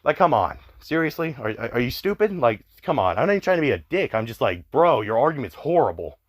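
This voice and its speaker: Talking fast and very animated, this young man has a mid-range voice. He's a commentary YouTuber ranting in exasperation, swearing heavily and littering his speech with "like."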